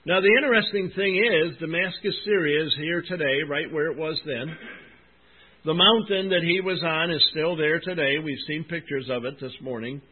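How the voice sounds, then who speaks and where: A man's voice: on the high side, moderate pace, slightly rough, narrow, tinny audio. A man preaching a sermon in an earnest, emphatic way, asking his congregation questions as he goes. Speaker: pastor.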